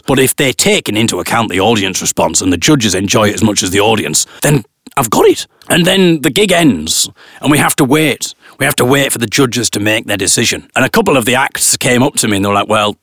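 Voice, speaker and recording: A man's voice: mid-range voice, fairly bright tone, no room sound, studio quality. A man, a stand-up comedian, telling a story on his podcast in a casual, self-aware way and acting out his own reactions.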